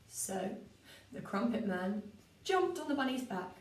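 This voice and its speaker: A woman's voice: mid-range voice, a little slow. Patient woman teaching in an echoey room. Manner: clear and patient, with lively expressive reading. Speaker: primary school teacher. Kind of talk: story-writing lesson for children. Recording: roomy, from a distance.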